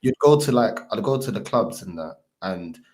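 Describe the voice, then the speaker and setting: A London man on a live stream, talking in a low, easy register. He tells stories at a relaxed pace, full of slang and loose asides. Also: normal speed. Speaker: IRL streamer. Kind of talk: casual chat on a live stream.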